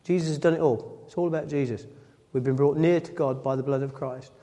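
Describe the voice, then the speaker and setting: A man delivers a sermon in a mellow, relaxed voice that sits a little high. He reads scripture aloud, then unpacks it with repeated phrases and quick self-corrections. His voice rings with a long reverb, as in a church hall. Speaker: preacher.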